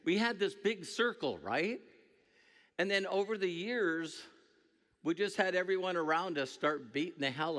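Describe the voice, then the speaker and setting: A middle-aged man delivers a motivational talk on a stage mic to a large crowd. His fairly high voice jumps all over the place, and it stays bright and forceful. He jokes with the room and now and then breaks into a shout. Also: a little slow. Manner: animated, joking, breaks into shouts. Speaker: network marketing speaker. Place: stage before a large audience.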